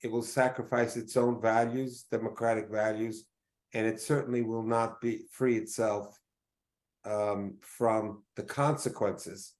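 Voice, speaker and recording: A middle-aged man giving a formal press conference statement, measured and deliberate, pausing often on fillers. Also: medium pitch, a little mellow.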